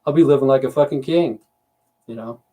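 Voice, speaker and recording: A man's voice: mid-range voice, steady tone, a little fast, dark tone. A man in his fifties or sixties from the United States, rambling bluntly and swearing freely while chatting to viewers on a home livestream. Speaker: livestream host. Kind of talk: casual livestream rant. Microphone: computer mic on a livestream.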